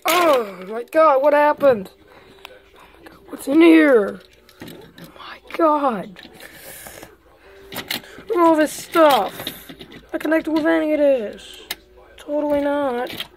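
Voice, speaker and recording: A woman voicing a clumsy, curious boy toy who yelps and gasps in exaggerated alarm, in a high voice. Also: slow, slight background noise. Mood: amazed.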